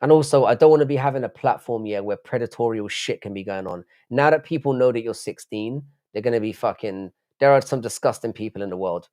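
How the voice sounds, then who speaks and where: A man's voice: mid-range voice, a little fast, hardly any pauses, a little mellow. Blunt, swearing man hosting a livestream. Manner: blunt, swears a lot, reads chat aloud. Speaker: livestream host. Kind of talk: casual live-stream chat.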